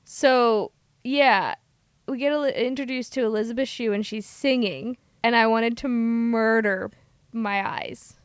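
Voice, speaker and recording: A woman co-hosting a casual movie review podcast, ranting with sarcastic bursts. Her voice sits fairly high. The sound is dry and close, with no room around it. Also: steady tone, a little slow, clear, resonant tone, dry recording. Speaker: podcast co-host.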